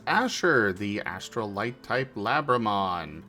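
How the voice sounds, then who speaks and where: A man's voice: medium pitch, sing-song, normal speed, few pauses, bright, forceful tone, soft background music. A man hosting a tabletop role-play stream, introducing the episode and his character in a playful, theatrical manner. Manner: theatrical, playful announcer delivery. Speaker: host and player.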